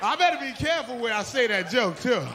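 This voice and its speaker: A brash, profane stand-up comedian from Haiti, telling animated stories with a strikingly high voice. A loud audience and club noise surround him on stage. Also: male voice, quick pace, over a noisy crowd.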